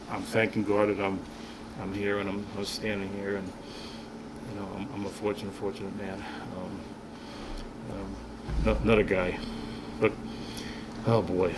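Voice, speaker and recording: A man in his fifties gives a rambling, heartfelt retirement speech, often restarting his sentences. He sounds a step away from the mic. Room noise carries clearly behind him. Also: fairly low pitch, distant mic. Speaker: retiring police officer. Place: room at a gathering.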